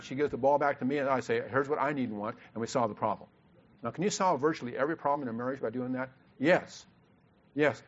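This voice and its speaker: A man co-hosting a marriage seminar, teaching earnestly with stammered restarts and repetition. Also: medium pitch. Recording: dull lo-fi recording.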